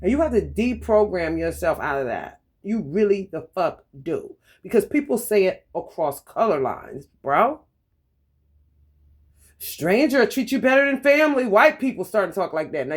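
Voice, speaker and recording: Profane, animated woman tarot reader. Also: fairly low pitch, normal speed, slightly rough. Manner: animated, profane, frequent laughter, talks to viewers directly. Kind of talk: casual profane tarot reading monologue.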